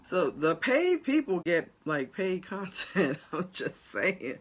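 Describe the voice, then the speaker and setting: A woman with a New Jersey accent talks straight to her online viewers as a life coach. She is blunt and animated, and her voice rises and falls a lot. She speaks at an unhurried pace. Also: on the low side, husky. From New Jersey, USA. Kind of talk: casual livestream chat to viewers.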